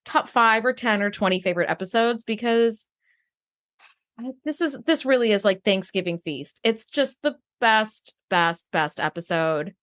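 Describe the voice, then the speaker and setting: Lively, gushing woman podcast co-host. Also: mid-range voice, normal speed. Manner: gushing, emotional, peppered with "like". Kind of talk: casual chat about a TV episode.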